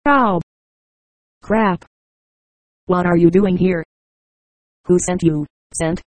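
A synthetic text-to-speech voice reading the lines of an angry, frightened man in an audiobook, flat and unvaried. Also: mid-range voice, slow, no echo, close to an everyday voice.

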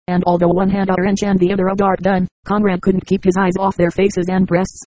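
A synthetic text-to-speech voice reading a novel aloud with an even, mechanical delivery. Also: medium pitch, fairly quick, no room sound, poor audio. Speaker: audiobook reader. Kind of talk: scripted narration.

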